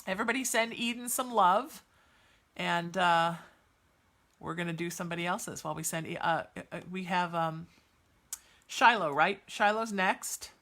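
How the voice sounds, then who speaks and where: A woman's voice: mid-range voice, a little slow, pauses often, fairly bright tone. A woman hosting a podcast and giving live psychic readings to chat viewers, soothing and reassuring, chatty with many fillers. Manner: soothing, reassuring, calls listeners sweetheart.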